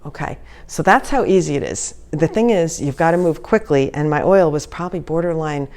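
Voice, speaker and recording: Giggly woman with a deep-ish voice walking thru a recipe at home, laughs at herself a lot. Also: expressive, a little fast, darkish tone, low-quality recording. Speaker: home cooking vlogger. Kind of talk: casual cooking demonstration. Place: home kitchen.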